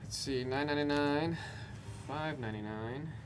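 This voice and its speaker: A man's voice: on the high side, moderate pace, noisy background. A man hosting a live card break, reading out player names with loose, rambling, joking commentary. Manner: reads out player names as he goes. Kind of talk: live commentary while opening cards.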